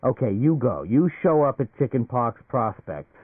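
A man's voice: medium pitch, sing-song, moderate pace, husky, dry recording. A man voicing an anxious male business executive who talks in agitated, rising outbursts. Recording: phone-like narrow band, dry.

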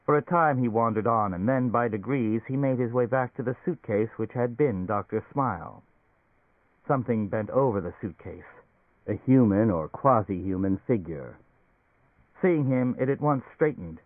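A man reading a science fiction novel aloud as audiobook narrator, in a measured storytelling manner. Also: mid-range voice, expressive, no echo. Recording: dry, phone-like narrow sound.

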